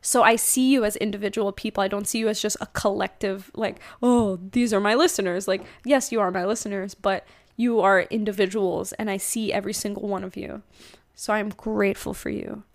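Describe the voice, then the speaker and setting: A woman's voice: mid-range voice, fairly even intonation, brisk, vocal fry. A young woman hosting her own podcast, talking casually and rambling, with lots of fillers and self-corrections. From United States. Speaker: podcast host. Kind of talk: casual solo podcast monologue.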